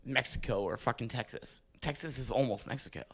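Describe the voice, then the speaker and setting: A man's voice: mid-range voice, brisk, creaky. A man hosting a podcast, telling crude stories in a rambling, profane, casual way. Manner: rambling, profane, animated storytelling. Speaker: podcast host.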